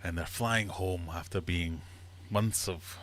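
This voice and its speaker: A man hosting a casual livestream from his fish room, chatty and quick to laugh while telling jokes. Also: low-pitched, fairly bright tone, a little hiss or hum. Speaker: livestream host.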